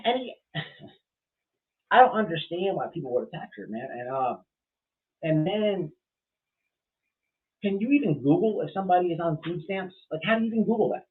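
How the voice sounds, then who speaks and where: A man's voice: sits high, lively intonation, normal speed, pauses often. A man hosting a casual livestream, rambling bluntly and with profanity as he reacts to chat, full of fillers and restarts. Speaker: livestream host. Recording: tinny phone-like sound.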